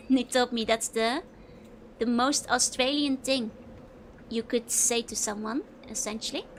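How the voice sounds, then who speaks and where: A woman's voice: fairly high pitch, steady tone, a little slow, pauses often, a little hiss or hum. A woman with a Dutch accent, a native Dutch speaker, chatting casually with viewers while she streams a game and laughs often between remarks. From Netherlands. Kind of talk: casual let's-play chat, reading viewer comments.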